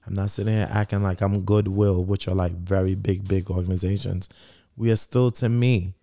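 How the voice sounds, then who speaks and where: A middle-aged man tells his story in an interview, his voice low and mellow. He talks earnestly, repeats phrases for emphasis, and acts out the voices of people he quotes. The sound is close and dry. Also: steady tone, normal speed, no room sound. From Brooklyn, New York. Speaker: founder of a sneaker charity.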